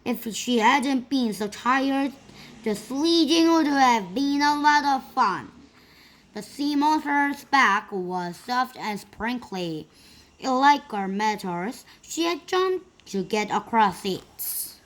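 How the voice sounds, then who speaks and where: A woman reading a children's storybook aloud in a slow, careful way. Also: a little high, expressive. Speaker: storybook reader.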